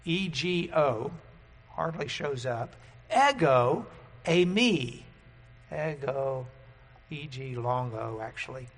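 Man, preacher, sermon, slow delivery, emphatic stresses, long hall reverb. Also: mid-range voice. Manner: emphatic, rising to loud stresses on key words. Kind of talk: sermon teaching with a whiteboard.

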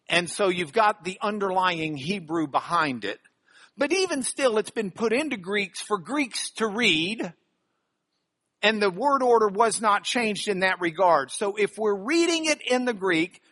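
A Bible teacher lectures a live audience in a bright, forceful voice. He explains each point one step at a time, his pitch moving lively, and pauses for quick rhetorical questions.

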